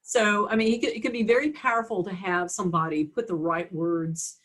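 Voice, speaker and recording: A woman's voice: medium pitch, steady tone, a little fast, a bit bright. A woman hosting a casual interview, thinking aloud in a hesitant, reflective way. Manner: thoughtful, hesitant, with "uh" and "you know". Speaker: interview host.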